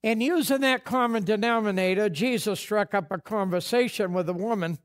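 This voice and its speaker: A man's voice: high-pitched, normal speed. A man preaching a sermon as pastor, folksy and conversational, acting out bits of dialogue. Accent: New England.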